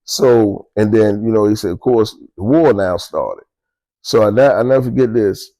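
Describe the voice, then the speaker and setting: An older man with a Baltimore accent talks casually to the camera about life in prison, streetwise and profane, chuckling between beats. His voice is on the low side and dark, he speaks at a normal speed, and the recording is rough.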